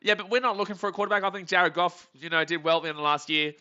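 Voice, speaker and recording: High bright man streaming live. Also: very fast, highs cut off. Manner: chatty, reads chat, bursts into excited shouts. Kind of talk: live game reaction stream.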